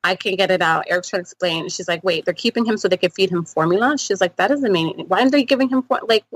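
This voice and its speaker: A woman's voice: fairly low pitch, fast. A woman guest on a podcast, telling a story in casual chat, full of fillers and asides. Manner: rambling storytelling with many fillers. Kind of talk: casual conversation.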